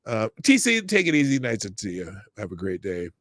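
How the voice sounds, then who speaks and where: A middle-aged man hosting a live-stream news commentary show, reading stories and chat with sarcasm and breaking into shouted rants. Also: on the low side, huge pitch swings, fairly quick, no room sound, clean studio sound.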